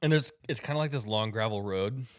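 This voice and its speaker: A man's voice: lowish voice, a little fast, no echo, clean studio sound. A man co-hosting a podcast, telling a personal story in casual chat and acting out the people in it. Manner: animated storyteller, acts out quoted people. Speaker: podcast co-host.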